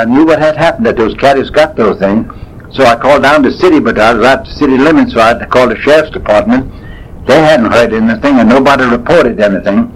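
A man, telling folksy stories from his past in a rambling, unhurried way. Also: mid-range voice, breathy edge, rough recording. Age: 80s. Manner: folksy, unhurried, drifting with fillers and self-corrections. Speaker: storyteller. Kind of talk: rambling spoken reminiscence.

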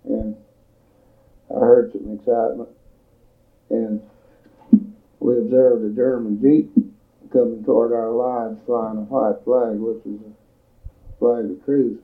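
An older man tells his recollections in a plain, unhurried way with frequent pauses. His voice is gravelly and stays on an even, flat pitch. The recording sounds thin and tinny, like an old tape played over a phone line. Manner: plain-spoken storytelling, measured with pauses. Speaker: veteran giving oral history. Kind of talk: recorded oral history recollection.

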